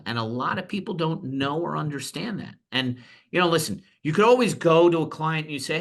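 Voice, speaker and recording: Middle-aged New man, insurance broker guest, bright, crisp tone; lively anecdotes, acts out the people he quotes. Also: on the high side, normal speed. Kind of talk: storytelling in a podcast interview.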